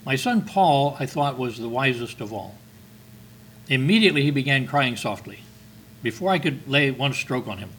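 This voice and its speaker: A man's voice: mid-range voice, lively intonation, moderate pace, a bit bright, a little hiss or hum, low-quality recording. An older man preaching a sermon, reading scripture with earnest, emphatic stresses.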